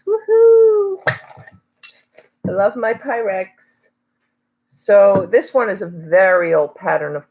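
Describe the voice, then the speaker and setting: A woman's voice: lowish voice, darkish tone. A middle-aged woman from New York talking casually in a haul video, rambling with lots of fillers. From Long Island, New York. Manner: chatty, rambling with many fillers. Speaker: reseller vlogger.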